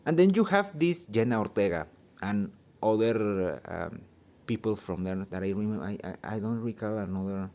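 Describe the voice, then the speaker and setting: Halting Mexican-accented man, low mellow voice. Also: animated. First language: Spanish. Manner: halting, searching for words, many ums; blunt, swears freely. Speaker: channel host. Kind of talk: opinion vlog rant.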